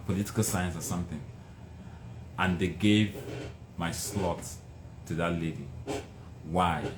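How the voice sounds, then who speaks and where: A middle-aged man with a Nigerian accent, telling his life story emphatically as a motivational speaker. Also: low voice. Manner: emphatic, animated, dramatic repetitions. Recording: roomy with faint noise.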